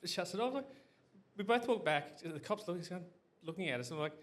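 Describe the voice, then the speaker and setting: Here the storyteller's voice sits high, and he talks fast and with a lot of animation. Facing a live audience as a guest on stage, he rambles through a comic tale full of swearing, repeatedly saying "anyway" and laughing along the way.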